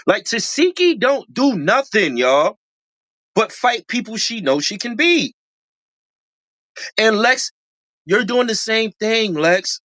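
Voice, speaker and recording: Animated, slangy reality show commentator. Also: slow, long pauses, no echo. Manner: animated, repeats phrases for emphasis, slangy; voice jumps high when excited. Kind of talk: casual commentary.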